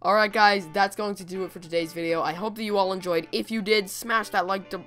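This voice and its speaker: Bright-voiced excitable woman reacting. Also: mid-range voice, a little fast, faint music behind. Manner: excitable, exclaiming, giggly. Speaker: YouTuber host. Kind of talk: comedic reaction commentary.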